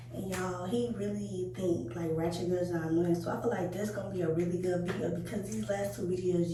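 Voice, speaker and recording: A young woman making a casual prank vlog in a car, talking back in a sassy, teasing way. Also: on the low side. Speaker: vlogger. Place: inside a car. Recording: echoey, distant, loud road noise.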